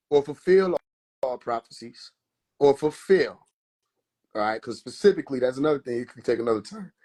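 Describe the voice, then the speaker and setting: A man talking casually on a phone livestream, animated and profane, laughing often and slipping into mock biblical voices. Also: a little high. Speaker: livestream host.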